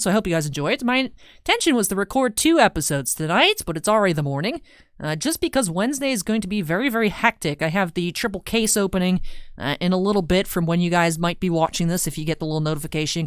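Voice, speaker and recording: A woman's voice: on the low side, lively intonation, fast, clean tone, dry recording, studio quality. A young woman hosting a game playthrough, chatting in a rambling, self-deprecating way. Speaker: let's play host. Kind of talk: casual gaming commentary.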